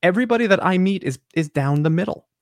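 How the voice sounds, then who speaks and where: A man talking in a relaxed, opinionated way during a casual podcast conversation. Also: high voice, fast talker, no room sound, studio quality.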